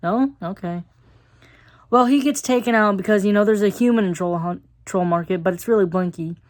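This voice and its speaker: A woman's voice: medium pitch, brisk, a little mellow. A woman giving a casual, chatty episode review. She uses lots of fillers and laughs now and then.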